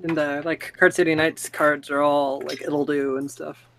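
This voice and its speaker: A woman's voice: deep voice, flat delivery, normal speed, slight background noise. A woman chatting as a player before a tabletop game, with lots of fillers.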